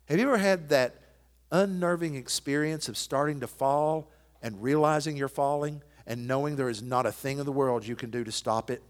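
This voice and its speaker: A middle-aged male pastor preaching a sermon, telling stories and swinging from hushed to loud and emphatic. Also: mid-range voice, long reverb tail.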